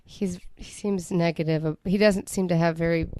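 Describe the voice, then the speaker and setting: A woman's voice: fairly low pitch, steady tone, normal speed, darkish tone. Chatty rambling woman podcast co-host. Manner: chatty, rambling, trails off mid-thought. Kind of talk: casual chat.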